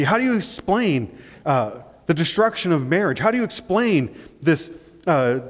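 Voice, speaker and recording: A male pastor preaching a sermon in an animated way, acting out little scenes and often checking in with "right?". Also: fairly high pitch. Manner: animated, acts out scenes, keeps asking "right?". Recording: long church-hall reverb.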